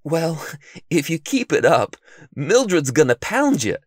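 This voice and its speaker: A man's voice: fairly high pitch, very animated, a little slow, slightly rough, no echo, studio quality, voice pushed up, full character voice. A man voicing a sensible, bookish male friend who patiently explains things. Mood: explaining.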